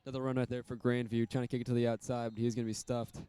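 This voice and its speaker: A man calling a high school football game, casual and rambling, with many fillers. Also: level tone, rapid-fire, mellow, clean tone. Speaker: play-by-play commentator.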